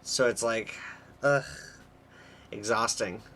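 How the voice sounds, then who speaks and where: A man's voice: lowish voice, slow, sharp tone, a little hiss or hum. A young man streaming live, chatting candidly and rambling with his viewers and laughing easily. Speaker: livestreamer. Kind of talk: casual live stream chat.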